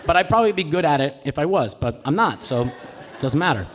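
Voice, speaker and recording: A man's voice: a little high, expressive, a little fast. A man telling a personal story live on stage, with a comic, self-mocking delivery. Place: live stage in a cultural center.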